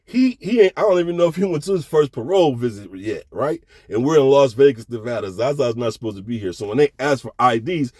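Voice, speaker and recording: A middle-aged man spins a casual story with loose, slangy energy and keeps asking if you follow him. His voice sits at an ordinary middle pitch. It is recorded close and dry, with no room sound. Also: fast talker, few pauses, no echo. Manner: animated, slangy, keeps checking in with the listener.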